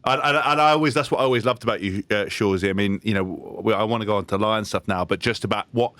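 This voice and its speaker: A male podcast co-host who talks at a very fast clip. He fires off eager questions that ramble as he goes. The sound is dry and close, with no room in it. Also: lowish voice, a bit bright, no room sound. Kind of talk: casual chat.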